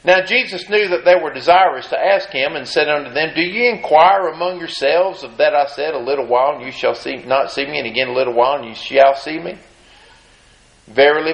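A man's voice: mid-range voice, vocal fry, a bit bright. Folksy man preaching in a roomy space. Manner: folksy, reads scripture then comments with rising emphasis. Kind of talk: sermon. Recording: roomy echo.

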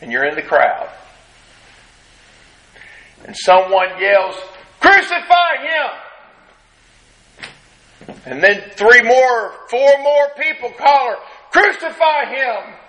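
A man preaching a sermon, retelling a scene dramatically and acting out the crowd's shouts. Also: high-pitched, low-quality recording. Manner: slow, drawn-out delivery with long pauses.

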